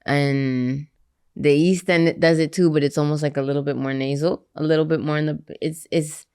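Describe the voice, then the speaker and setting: A woman's voice: deep voice, fairly even intonation, normal speed, warm tone, smooth. A woman from Canada with a Canadian accent, chatting as a podcast guest in a loose, candid way, swearing freely and laughing often. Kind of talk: casual chat.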